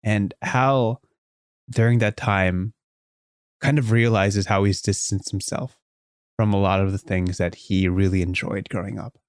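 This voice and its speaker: Low-voiced man improvising a story. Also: unhurried, no room sound, clean studio sound. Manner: animated, with many restarts and fillers. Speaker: podcast host.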